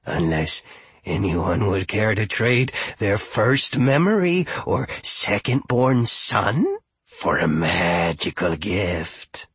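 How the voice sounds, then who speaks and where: A man doing a slow, low old goblin trader. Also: very animated, fairly bright tone, slightly rough, no echo, full character voice. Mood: wheedling. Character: wizened old male goblin trader, sly.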